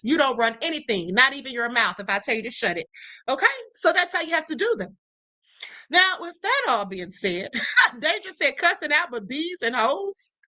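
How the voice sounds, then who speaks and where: A woman's voice: high voice, bright, forceful tone. A middle-aged woman hosting a livestream in casual chat, blunt and swearing freely, with frequent laughs. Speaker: livestream host.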